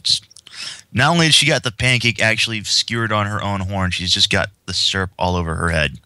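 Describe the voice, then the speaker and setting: A man's voice: fairly low pitch, fairly quick, sharp tone, no room sound. A man hosting a casual podcast chat, talking in a rambling, chatty way at a desk mic. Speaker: host.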